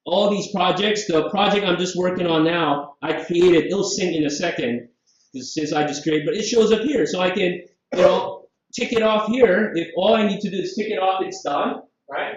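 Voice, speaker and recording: A man from Southeast Asia giving a live conference software demo, lively and jokey, full of rhetorical questions. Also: sits high, moderate pace. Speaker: conference presenter. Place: conference room. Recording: very echoey, distant, dull hall sound.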